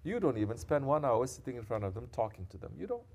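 A man giving a sermon as a sheikh, who moves between quiet, intimate reflection and loud, scolding exhortation and drops Arabic devotional phrases into his talk. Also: mid-range voice, sing-song, quick pace.

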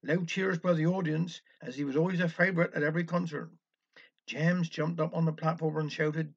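A man's voice: a little high, fairly even intonation, a little fast, vocal fry, husky. A man with a Cornish accent telling a wry village dialect story. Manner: wry, anecdotal. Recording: dull lo-fi recording.

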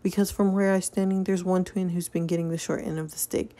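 A woman's voice: lowish voice, steady tone, a little fast, warm tone, natural voice. A woman voicing an earnest young man in a story game, speaking frankly and confronting an adult.

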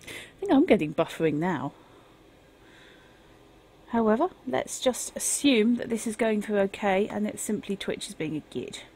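A woman's voice: medium pitch, animated, normal speed, long pauses, a little mellow, slightly rough. A woman streaming a game, chatting casually and wryly over the gameplay. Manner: wry and chatty. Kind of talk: casual live game commentary.

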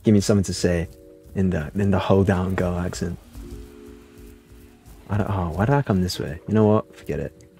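A man's voice: deep voice, moderate pace, pauses often, mellow, faint music behind. A young man chatting casually on a game livestream into a desk mic, rambling and cutting himself off mid-thought. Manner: rambling, self-interrupting, chatty. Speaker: game streamer.

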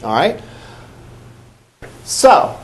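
Speaking very slowly, a man lectures a college class in a conversational style. He puts questions to the students and repeats their responses.

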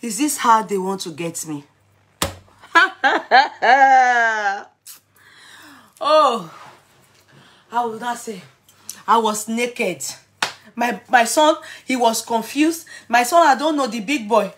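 A middle-aged Nigerian woman recounts a story to camera with big dramatic flair. Her voice sits fairly high and sounds bright and forceful. She slips between English, pidgin and Yoruba as she talks. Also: takes it slowly, pauses often, slight background noise. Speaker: vlogger.

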